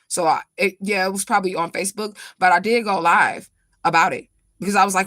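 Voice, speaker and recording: A woman's voice: medium pitch, brisk, fairly bright tone, no echo. A woman from St. Louis, a spiritual reader telling a story in a casual livestream, blunt, profane and rambling. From St. Louis, USA.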